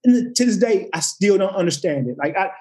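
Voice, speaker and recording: This ex-football player speaks in a high voice at normal speed, telling stories in an easygoing chat. Animated and prone to swearing, he acts out what others said and frequently starts his sentences over.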